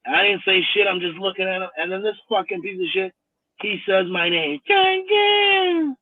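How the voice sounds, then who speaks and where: Forties male caller, profane and pushy, fairly high voice, dry tinny phone sound. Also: level tone, a little fast, no echo. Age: 40s. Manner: profane, insistent. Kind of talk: casual storytelling.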